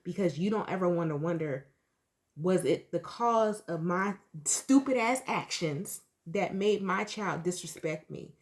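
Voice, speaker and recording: A woman's voice: fairly low pitch, animated, a little slow. Blunt, profane woman tarot reader. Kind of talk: candid storytelling to viewers.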